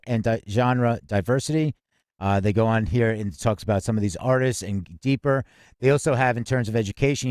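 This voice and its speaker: A man's voice: medium pitch, darkish tone, no echo. A male host reads music business news in an easy, mid-range voice. He stumbles and restarts as he goes. The sound is close and dry. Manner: reads articles aloud with fillers and restarts. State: out of breath. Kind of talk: casual news roundup.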